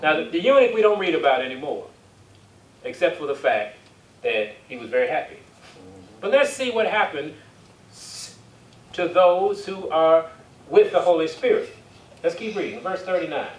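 Man preaching, fairly high voice, call-and-response, roomy hall, heard from afar. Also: expressive, moderate pace, long pauses. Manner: call-and-response, asks the congregation for amens; reads scripture aloud in King James wording. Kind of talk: sermon with Bible reading. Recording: echoey church hall, distant mic, faint hiss.

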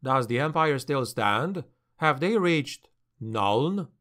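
A man's voice: mid-range voice, lively intonation, takes it slowly, a bit bright. A man voicing an earnest, anxious young male adventurer in an audiobook.

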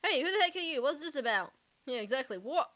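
A woman's voice: high-pitched, expressive, fast talker, a bit bright. A young woman playing a game on video, chatting, reacting and reading the characters' lines aloud. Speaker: let's play gamer. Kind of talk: casual gameplay commentary reading dialogue aloud.

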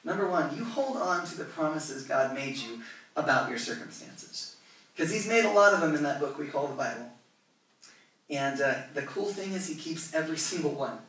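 A man from California, a pastor preaching a lively, conversational sermon with asides to his congregation. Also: fairly high pitch, normal speed. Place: church sanctuary. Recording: echoey church hall, voice from a distance.

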